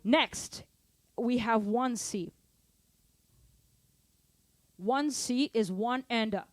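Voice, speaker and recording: A woman teaching a drum lesson, energetic, counting beats aloud and asking her students to stay engaged. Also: fairly high pitch, drawn-out words, dry recording. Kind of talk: live online drum lesson. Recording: drum kit playing behind. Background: drum kit.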